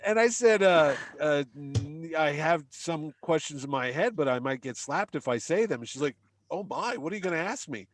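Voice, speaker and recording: At a moderate pace and with a fairly high pitch, a middle-aged man shares a lengthy story as a podcast guest, animatedly performing the dialogue of people he encountered. A little hiss or hum sits under the casual chat.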